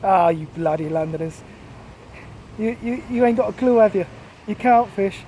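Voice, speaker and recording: A gruff, mocking middle-aged fisherman from the Cornish coast, ribbing a mate in a storyteller's retelling, as a man puts him on. He sounds high and dark-toned, jabbing out his taunts with blunt, teasing scorn. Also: fairly even intonation, fairly quick, a little hiss or hum, close to an everyday voice, poor audio.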